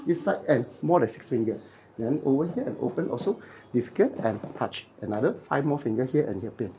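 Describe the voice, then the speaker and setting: A chiropractic therapist with a Malaysian English accent, instructing a client in clipped, playful phrases during treatment and mimicking cracking sounds. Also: male voice, mid-range voice, animated, a little fast, mellow, slight background noise.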